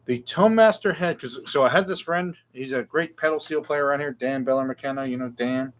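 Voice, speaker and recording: A man's voice: medium pitch, fairly quick. A middle-aged man, hosting a casual live guitar Q&A with rambling, self-deprecating chat. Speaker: guitar shop show host.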